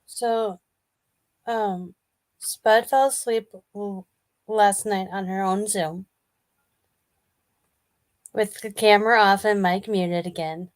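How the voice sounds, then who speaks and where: A woman's voice: medium pitch, fairly even intonation, slow pace, long pauses, no echo. A woman co-hosting a casual show, telling rambling stories and playfully defending herself. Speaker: co-host. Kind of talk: casual chat.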